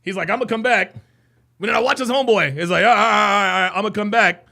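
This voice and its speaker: Hyped-up guy reacting live, really high bright voice with gravelly edges, keeps laughing and yelling. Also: quick pace. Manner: excitable, laughing, shouting, repeats himself. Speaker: live stream host.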